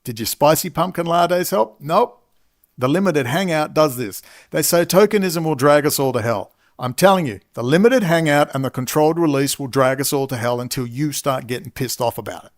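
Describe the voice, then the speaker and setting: A man's voice: on the high side, moderate pace. A man ranting as a commentator in an angry monologue, swearing and saying he is exhausted. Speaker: political commentator.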